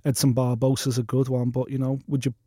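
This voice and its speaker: A man's voice: medium pitch, flat delivery, fast talker, dark tone, breathy edge, dry recording, studio quality. A man co-hosting a casual fight podcast, blunt and opinionated, swearing freely. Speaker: podcast co-host. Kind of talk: casual sports podcast chat.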